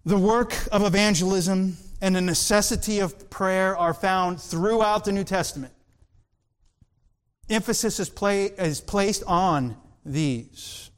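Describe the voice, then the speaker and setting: A man preaching a sermon in an earnest, emphatic way, drawing out key words slowly. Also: sits high, clear, resonant tone. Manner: earnest, emphatic, with slow drawn-out stresses.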